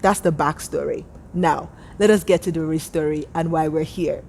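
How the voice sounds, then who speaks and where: A woman hosting a podcast in an energetic, expressive way. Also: low voice, normal speed, gravelly, noisy background. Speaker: podcast host.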